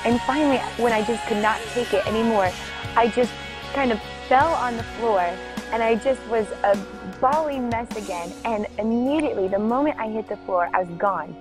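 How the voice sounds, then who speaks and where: Woman sharing her faith story, emotional and halting, lots of "like", clear music playing underneath. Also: on the high side. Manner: emotional, halting, many "like" fillers. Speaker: person giving a faith testimony. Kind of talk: personal testimony storytelling.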